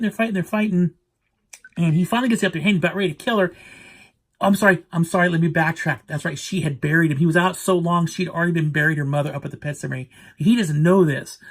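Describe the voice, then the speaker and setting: Man, movie reviewer, casual vlog, rambling plot recap, slightly high voice. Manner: rambling, backtracking, retelling plots.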